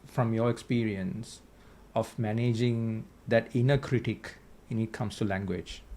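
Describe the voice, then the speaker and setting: A man's voice: lowish voice, fairly even intonation, a little slow, darkish tone. A man hosting a podcast interview, reflective and hesitant, with many fillers and "right?" tag questions. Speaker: podcast host. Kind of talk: casual interview conversation.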